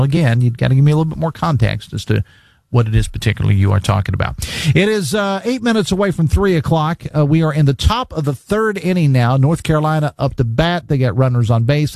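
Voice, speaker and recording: Chatty radio host, dry sound. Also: male voice, medium pitch, vocal fry, a little mellow, no echo. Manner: chatty, conversational, laughs easily. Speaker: radio talk show host. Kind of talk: casual talk radio, reading listener texts. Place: radio studio. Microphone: studio microphone.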